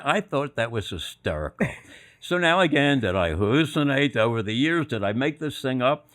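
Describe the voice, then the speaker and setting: An older man recounts stories from his career in a loose, conversational way. His voice moves through a lively melodic range and sits at a middling pitch. He laughs often at his own tales. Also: moderate pace. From Philadelphia area. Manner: animated anecdotal storyteller, laughs at own stories. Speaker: guest, former sports executive. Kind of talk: casual storytelling interview.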